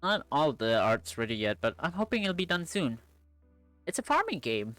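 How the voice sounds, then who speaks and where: A woman's voice: low voice, sing-song, moderate pace, fairly bright tone, no echo, faint music behind, voice pushed up. A streamer voicing a shy, nerdy young woman in a visual novel, talking awkwardly and trailing off. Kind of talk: visual novel read-aloud.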